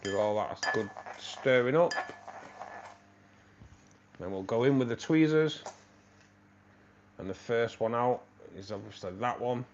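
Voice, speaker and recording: A man hosting a live stream in a relaxed, unhurried way, thanking viewers one by one and laughing at his own jokes. His voice has a fairly middling pitch. The audio is a little dull, with faint noise underneath. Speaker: livestream host. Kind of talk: casual live-stream chat.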